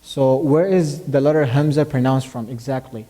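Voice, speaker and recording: This is a tajweed lesson in a mosque classroom: the teacher, a man, walks through each step, recites brief Arabic verses, and questions his student throughout. He talks at a moderate pace in a medium, warm, mellow voice with long hall reverb.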